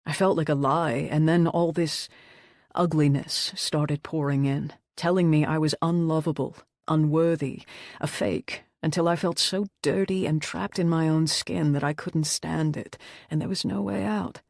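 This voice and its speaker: A woman voicing a troubled male rockstar who speaks softly in a subdued, confessional tone, in an audiobook. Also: steady tone, unhurried, creaky, no room sound, clean studio sound. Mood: hushed. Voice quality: soft, low and subdued. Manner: quiet, confessional. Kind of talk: audiobook character voice.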